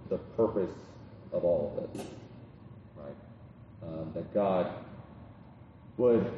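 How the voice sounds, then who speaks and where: Recorded from afar in a roomy hall, a man gives a conversational sermon peppered with ums, restarts and frequent "right?". His voice sits low and warm, and the lo-fi recording has slight background noise.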